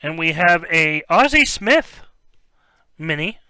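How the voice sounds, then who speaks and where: A man's voice: fairly high pitch, takes it slowly, clear, resonant tone, dry recording. Man, young adult, card break host, casual chat, rambling, dry close sound. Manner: rambling, stumbles over names, bursts of excitement. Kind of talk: casual live-stream chat while opening cards.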